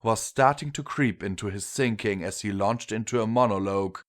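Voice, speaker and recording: A man narrating a fan fiction audiobook in a measured storytelling manner. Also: lowish voice. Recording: long reverb with faint music.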